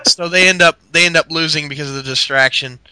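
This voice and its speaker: A man's voice: fairly high pitch, fast, sharp tone, smooth, dry recording. A man co-hosting a podcast, rambling through a wrestling recap with fillers, laughs and swearing. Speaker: podcast co-host. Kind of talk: casual wrestling recap chat.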